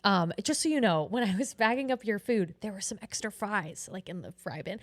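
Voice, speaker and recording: A woman's voice: mid-range voice, brisk, no echo. A woman co-hosting a podcast, telling a story in casual chat, acting out the voices and swearing freely. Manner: animated, acts out quoted voices, swears often. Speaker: podcast co-host.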